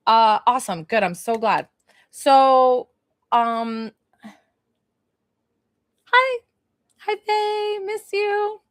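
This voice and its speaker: A woman's voice: a little high, no echo, studio quality. A woman from New York giving a spiritual reading on a phone livestream, gushing, laughing often and chatting with viewers. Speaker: psychic medium.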